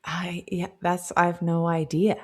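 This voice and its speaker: A woman's voice: on the low side, measured pace. Playful woman co-hosting book talk. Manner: animated, playful retelling with comic quoted asides. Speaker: book club podcast co-host. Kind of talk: casual chat.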